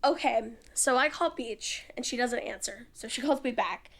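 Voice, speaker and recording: Young woman poet, soft and hushed. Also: on the high side, moderate pace, gravelly. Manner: soft, hushed delivery with whispered lines in the poem. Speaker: poet guest. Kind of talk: casual chat and poetry reading.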